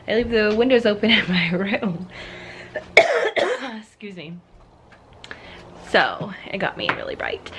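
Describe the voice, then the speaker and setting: A woman's voice: fairly high pitch, a bit bright, a little hiss or hum. A young woman chatting casually to her camera at home in a rambling way, full of "like"s, out of breath at times. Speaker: vlogger. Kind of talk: casual vlog chat. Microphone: handheld camera.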